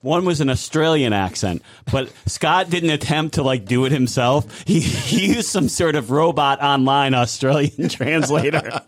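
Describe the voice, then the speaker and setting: A man's voice: fairly high pitch, expressive, moderate pace, few pauses, no echo. A man co-hosting a podcast, teasing his friends in casual chat. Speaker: podcast co-host.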